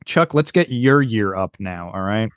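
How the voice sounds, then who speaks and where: A man's voice: fairly low pitch, animated, measured pace, no echo, clean studio sound. A man hosting a casual podcast, quizzing his guests with playful hypotheticals. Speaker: podcast host.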